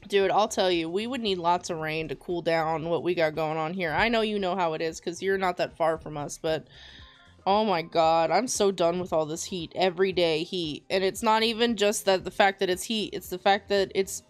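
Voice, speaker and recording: A woman's voice: lowish voice, moderate pace, faint music behind. A woman hosting a livestream, chatting casually in a rambling, joking, slangy way. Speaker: livestream host and artist.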